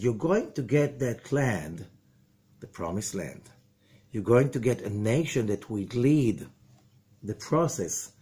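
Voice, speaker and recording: Man, rabbi, lively rising and falling pitch, slightly husky, rhetorical questions. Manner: animated, rhetorical questions, mock dialogue. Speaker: rabbi teaching Zohar. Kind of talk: spoken Torah lesson.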